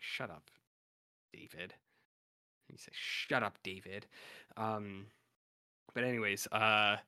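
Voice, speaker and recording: A man's voice: lowish voice, pushed and bright, clean tone. Chatty man rambling through a recap. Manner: rambling, filler-heavy, quotes characters in loose paraphrase. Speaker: podcast co-host. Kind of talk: casual recap chat.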